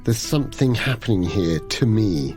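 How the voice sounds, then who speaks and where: A man's voice: lowish voice, expressive, moderate pace, a little mellow, soft background music. A man playing a tabletop game, slipping into theatrical, dreamy in-character speech. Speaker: player.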